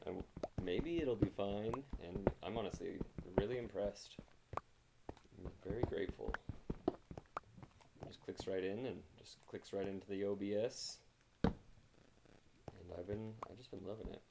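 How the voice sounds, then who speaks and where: A deep-voiced man with a gravelly, creaky edge, chatting loosely with his livestream audience in a rambling, self-mocking way. He speaks into a close mic, and loud noise runs under the recording. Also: steady tone, a little slow, long pauses. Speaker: game streamer. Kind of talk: casual livestream chat while gaming. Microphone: new mic mounted close in front of him.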